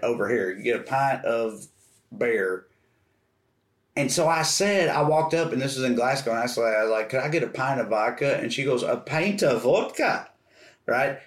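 A man, co-hosting a podcast and telling a story in a casual, animated and profane way. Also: medium pitch. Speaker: podcast co-host. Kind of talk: casual chat. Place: room on a trip abroad. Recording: roomy echo.

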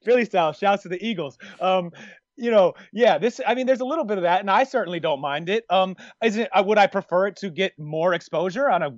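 A man with a high-pitched voice, talking a little fast, co-hosts a casual podcast chat full of jokes, rambling, and restarts as he interrupts himself. The sound is lo-fi with no echo.

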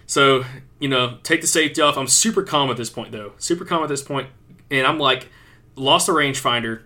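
Guy on a hunting podcast, bright kinda forceful voice, excited storytelling, says like a lot. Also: medium pitch, a little fast. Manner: animated, excited retelling with many "like" fillers. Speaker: podcast co-host.

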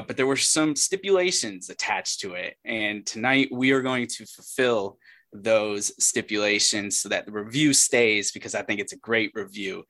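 Bright-voiced male podcast host. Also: fairly low pitch. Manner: laughs often, upbeat. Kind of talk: casual chat.

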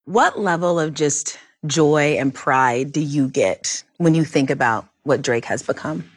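A woman's voice: deep voice, a little slow, dry recording. Attentive woman interviewer, dry close sound. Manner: warm, attentive questioning with frequent affirmations. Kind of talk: conversational interview.

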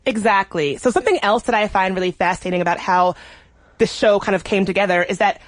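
A woman's voice: medium pitch, fast talker, no echo. A woman co-hosting a podcast, chatting casually with enthusiasm and emphasis. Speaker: podcast co-host. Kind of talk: casual chat.

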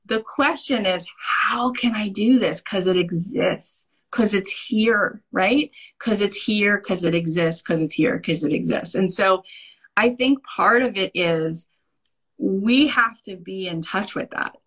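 A woman's voice: medium pitch, unhurried, a bit bright, slightly rough. A woman business coach in casual conversation, stressing her points emphatically and often checking in with "right?". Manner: emphatic, repeats points, tags lines with "right?".

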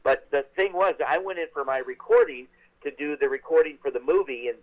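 An older man, a veteran actor, telling stories as an interview guest in a chatty, animated way with many restarts. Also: on the high side, brisk, lo-fi sound. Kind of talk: interview storytelling.

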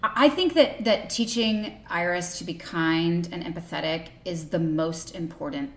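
A woman in her thirties casually telling stories, often trailing off softly. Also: on the low side, moderate pace, echoey room. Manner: chatty storytelling, trails off softly. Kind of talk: casual chat.

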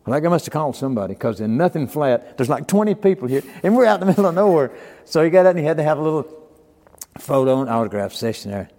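A man's voice: fairly high pitch, sing-song, fast talker, warm tone, long reverb tail. An older man telling stories in casual podcast talk, acting out quoted dialogue as he goes. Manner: folksy storyteller, acts out quoted dialogue. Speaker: podcast guest. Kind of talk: casual storytelling.

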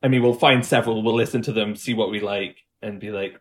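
A man's voice: lowish voice, steady tone, fast. A man, a dialect coach, explaining his work in a casual podcast interview and picking up speed as he explains.

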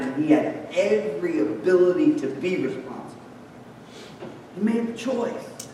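A man's voice: a little high, expressive, unhurried, mellow, slight background noise. A man preaching a sermon, chatty and joking, then pressing his points with emphatic lists. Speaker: pastor. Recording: echoey hall, mic far off.

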